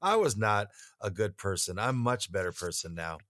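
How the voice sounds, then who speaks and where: A man's voice: fairly low pitch, sing-song, normal speed, a bit bright, dry recording. A middle-aged man hosting a music podcast, chatting in a wry, joking way. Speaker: podcast host. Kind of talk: casual chat.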